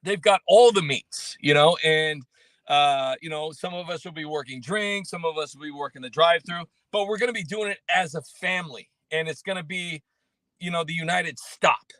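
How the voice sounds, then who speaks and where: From a coffee shop, a man hosts a casual livestream, reading out chat names and rambling with lots of fillers and restarts in a self-mocking, deadpan manner. His voice is a little high at normal speed, and the recording is dry.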